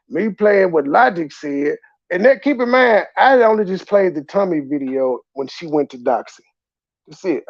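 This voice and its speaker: A man's voice: on the high side, vocal fry, dry recording, lo-fi sound. A man hosting profane reaction commentary, blunt and mocking, mimicking people he talks about. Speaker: commentary channel host.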